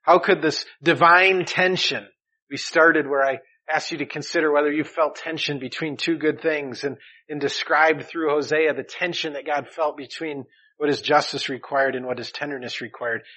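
Earnest male preacher, slightly higher voice. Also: steady tone, normal speed, rough recording. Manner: earnest preaching, swelling louder on key phrases and dropping soft at line ends. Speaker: pastor. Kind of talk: sermon.

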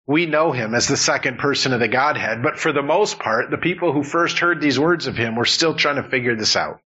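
A man's voice: mid-range voice, lively intonation, brisk, pushed and bright, breathy edge, dull audio. A man preaching an earnest, emphatic sermon as pastor, building points through repetition.

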